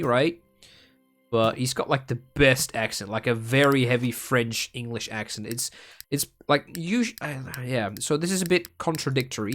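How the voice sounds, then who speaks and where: A young man from the Netherlands with a Dutch accent, chatting casually as a gaming streamer and rambling with many ums and restarts. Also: mid-range voice. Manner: rambling and self-mocking, with frequent ums and restarts.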